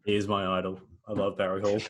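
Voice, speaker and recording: Joking young Australian man, lowish voice. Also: completely flat delivery, quick pace. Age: young adult. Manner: joking, self-mocking banter with frequent laughs. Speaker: podcast co-host. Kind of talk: casual chat.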